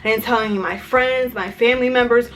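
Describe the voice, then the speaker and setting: Chatty young woman, soft music behind. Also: fairly high pitch, fairly even intonation, fast. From Maryland. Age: young adult. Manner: chatty, filler-heavy with frequent "like". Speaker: vlogger. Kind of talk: casual storytime vlog. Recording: faint music under the voice. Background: soft background music.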